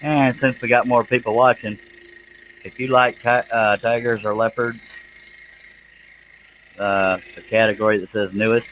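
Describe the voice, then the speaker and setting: A man's voice: mid-range voice, fairly bright tone, slight background noise, poor audio. A man, chatting casually with viewers while he works a scroll saw on a livestream. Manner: folksy, chatty, reads out viewer comments.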